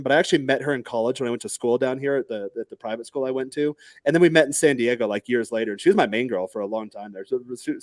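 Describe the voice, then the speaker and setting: A man's voice: medium pitch, a little mellow, dry recording. A man hosting a casual podcast chat, rambling with many fillers and restarts. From United States.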